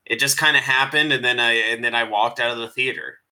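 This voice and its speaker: A man with a very bright, forceful voice talks through a movie review in loose, casual chat. He is animated, laughs often and swears freely as he sums up the plot. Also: mid-range voice, a little fast. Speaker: streamer co-host.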